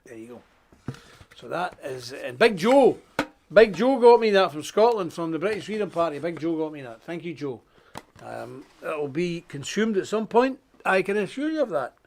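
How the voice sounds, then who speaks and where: A man hosting a live stream, preaching casually in a jokey, animated way, with loud emphasis and quiet asides. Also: a little high, normal speed, a little hiss or hum.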